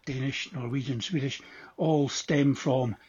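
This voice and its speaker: Husky Scottish man on a lo-fi message. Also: medium pitch, steady tone, darkish tone. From Scotland. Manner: unhurried, with many ums and modest asides. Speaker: listener sending a voice message. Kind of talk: casual explanatory voice message.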